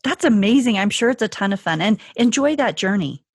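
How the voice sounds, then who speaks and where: A woman's voice: mid-range voice, lively intonation, fairly quick, husky, no echo. Woman podcast host, upbeat, dry close sound. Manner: enthusiastic short reactions. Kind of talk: interview.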